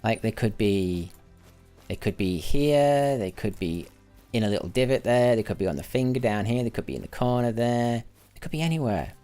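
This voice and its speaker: A man's voice: mid-range voice, lively intonation, normal speed, mellow, faint music behind. A man giving casual live commentary while playing a game, rambling and correcting himself as he goes, sometimes muttering to himself. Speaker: gaming livestreamer.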